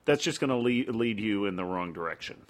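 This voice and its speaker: A man's voice: fairly low pitch, expressive, fairly quick. A man hosting a music podcast in casual chat, mostly giving short, easygoing agreeing replies. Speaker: podcast host.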